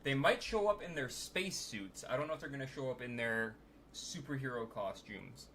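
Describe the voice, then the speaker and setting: A man's voice: medium pitch, lively intonation, moderate pace, a bit bright, a little hiss or hum. A man co-hosting a live stream, joking and chatting casually. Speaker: stream co-host.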